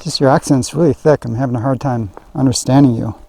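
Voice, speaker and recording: A man from Southern California answering a phone call in a slow, laid-back way. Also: medium pitch, fairly even intonation, vocal fry, warm tone, slightly rough.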